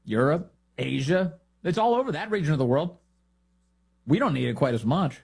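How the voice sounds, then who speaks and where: A man hosting a political talk show, giving sarcastic, animated commentary. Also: fairly high pitch, normal speed, gravelly, breathy edge. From United States. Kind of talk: opinionated commentary.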